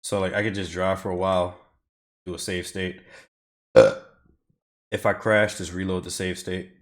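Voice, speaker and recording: Deep-voiced and fairly even in intonation, a man speaks at a moderate pace while streaming racing time trials from home. He rambles casually to his viewers as he drives, swearing often and responding to chat.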